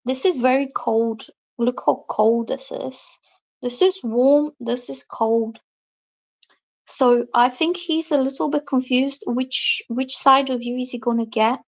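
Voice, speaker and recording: A woman with a high voice, speaking unhurriedly, reads tarot cards on a live stream. She chats with viewers, reads their comments aloud, and explains each card, lively and acting out quoted reactions.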